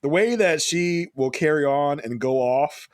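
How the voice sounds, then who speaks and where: A man co-hosting a podcast in casual chat, animated and quick to laugh, acting out the people he talks about. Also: a little high, no room sound, studio quality. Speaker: podcast co-host.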